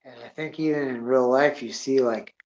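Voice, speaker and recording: A man telling rambling stories in a casual rant, swearing constantly and sliding between mutters and loud bursts. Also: mid-range voice, fairly even intonation, moderate pace. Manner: drops to a mutter, then rises in bursts. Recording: dull lo-fi recording.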